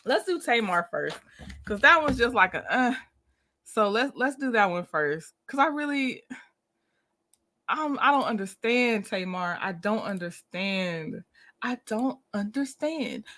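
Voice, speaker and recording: A woman's voice: on the high side, bright, forceful tone. A woman hosting a casual livestream, chatty and greeting viewers by name with frequent laughs. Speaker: commentary channel host.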